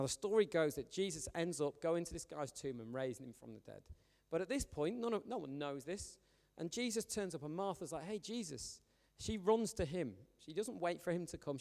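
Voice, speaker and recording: A man, a youth pastor preaching in a chatty, animated, storytelling way. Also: on the high side. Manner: chatty, animated, joking with the young audience. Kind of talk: informal storytelling sermon. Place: church hall. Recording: long hall reverb.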